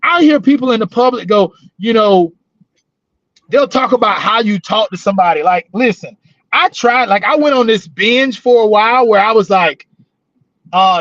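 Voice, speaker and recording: High-voiced male co-host, rambling and profane, dry dull audio; casual storyteller, prison-work talk. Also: moderate pace, a bit bright, no room sound. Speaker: podcast co-host, former corrections officer. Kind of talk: casual chat.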